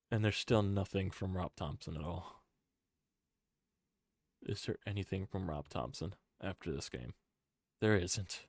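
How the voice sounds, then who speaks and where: A man's voice: low voice, no room sound, studio quality. Frustrated man ranting on a stream. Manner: frustrated ranting, swinging from shouting to muttering. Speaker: sports fan streamer. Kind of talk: live-stream sports rant.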